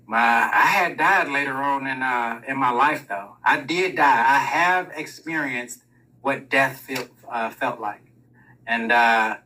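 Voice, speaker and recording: A man's voice: mid-range voice, pushed and bright, far from the mic, rough recording. Profane, rambling man telling a story. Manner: profane, rambling, laughs through his own story. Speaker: streamer telling a personal story. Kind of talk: casual storytelling monologue.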